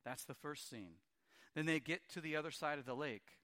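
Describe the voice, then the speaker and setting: A man's voice: a little high, moderate pace, bright, forceful tone. A man preaching a sermon, retelling scripture scenes in a storytelling way and briefly acting out the quoted lines. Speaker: pastor.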